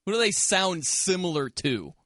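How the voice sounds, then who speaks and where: A man with a high, bright voice hosts sports talk radio in a dry studio. He teases callers and his co-host with quick, laughing banter. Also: very animated, dry recording. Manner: teasing, quick, laughs often. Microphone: studio microphone.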